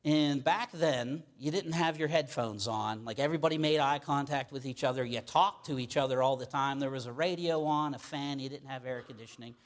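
Speaking fairly quickly with few pauses, this middle-aged man has a mid-range voice and a Pittsburgh accent. He's a pastor from Pittsburgh delivering a conversational sermon, often asking "okay?".

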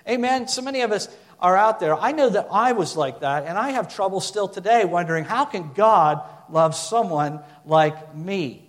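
A man's voice: sits high, moderate pace, few pauses, in a large hall. A man preaching a sermon, talking casually with fillers and restarts, then building to emphatic passages.

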